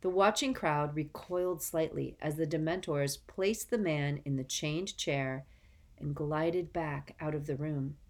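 A woman narrates a storybook aloud in a measured, even manner. Her voice sits low. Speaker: audiobook reader.

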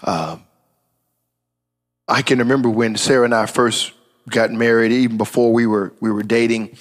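A man preaching in an easy, conversational way, spinning a personal story with asides and repeated "praise God." His voice sits in a middle pitch for a man. He sounds like a pastor talking to a live-stream congregation. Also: steady tone, normal speed. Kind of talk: sermon storytelling.

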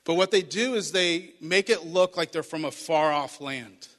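A man's voice: a little high, moderate pace, fairly bright tone. A man preaching a sermon, retelling a Bible story and acting out the voices of its figures. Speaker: pastor. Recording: reverberant hall.

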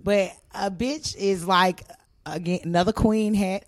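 A woman's voice: medium pitch, fairly even intonation, unhurried, dry recording. A woman co-hosting a podcast, chatting in a blunt, profane, bantering way. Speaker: podcast co-host. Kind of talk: casual chat.

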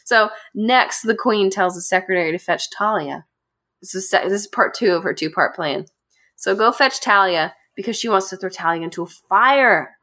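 Brief: woman podcast host, mid-pitched, lively storyteller who laughs often. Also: normal speed. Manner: chatty, animated, laughs often. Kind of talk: casual storytelling to friends.

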